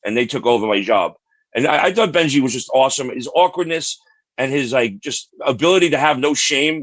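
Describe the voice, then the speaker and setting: A man's voice: fairly high pitch, fairly bright tone, no echo. A man co-hosting a podcast, telling a long story in a rambling way, repeating words and swearing freely. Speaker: podcast co-host. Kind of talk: casual chat.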